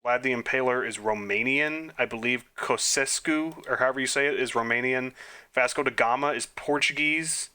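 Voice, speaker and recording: A man's voice: medium pitch, normal speed, pushed and bright, clean tone. A man playing an online trivia quiz and thinking aloud, muttering answers, breaking into flustered outbursts and mocking himself. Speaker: gaming YouTuber. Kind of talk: quiz playthrough commentary.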